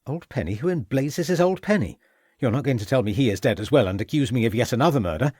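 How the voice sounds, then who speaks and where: A man's voice: mid-range voice, animated, fast, darkish tone, slightly rough, dry recording, studio quality. A man reading an audiobook, voicing a nervous, defensive middle-aged male suspect who protests and evades. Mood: irritated. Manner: agitated, protesting, evasive.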